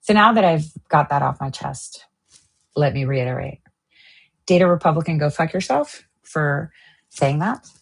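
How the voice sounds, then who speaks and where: A woman's voice: sits low, lively intonation, moderate pace, vocal fry, slightly rough. A woman hosting her own online show, ranting angrily and swearing, jumping from one topic to the next. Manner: heated, swearing, jumps between topics. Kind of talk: angry political rant.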